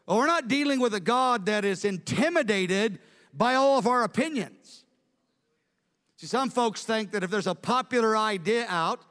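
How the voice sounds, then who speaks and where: Brief: male pastor, high voice, rapid fervent sermon, long hall reverb. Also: a bit bright. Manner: rapid, fervent Bible teaching. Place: church.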